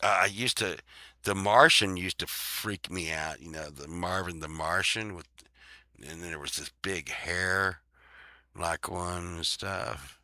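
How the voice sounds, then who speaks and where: A man chatting casually as host, rambling and swearing with frequent laughs. His voice is lowish and very bright. He talks unhurriedly, and the sound is dry and close. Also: unhurried, no room sound. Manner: rambling, profane, laughs often. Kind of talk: casual chat.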